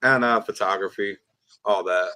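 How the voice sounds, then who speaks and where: A man with a fairly low voice hosts a casual livestream and asks viewers for questions. He sounds friendly and easygoing, poking fun at himself now and then. The sound is dry and close. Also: moderate pace, sharp tone, no echo. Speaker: livestream host.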